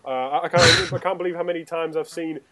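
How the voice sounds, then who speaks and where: Podcast host guy, kinda high voice, jokey, keeps moving things on. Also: quick pace. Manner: teasing, lively, steers the talk along. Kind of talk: casual gaming podcast chat.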